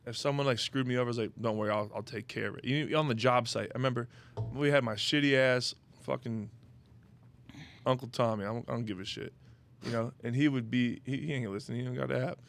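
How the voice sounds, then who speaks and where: A man's voice: medium pitch, fairly even intonation, fast talker, gravelly. A young man hosting a podcast, telling personal stories in a loose, rambling way, full of "you know what I mean" and casual swearing. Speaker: podcast host. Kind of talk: casual chat, personal storytelling.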